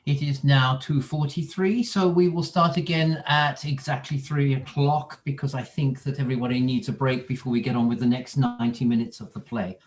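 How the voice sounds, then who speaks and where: A man hosting a play reading over a video call, speaking in a formal, dry and deliberate way. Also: mid-range voice, fairly even intonation. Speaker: reading organizer and host. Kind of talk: casual chat.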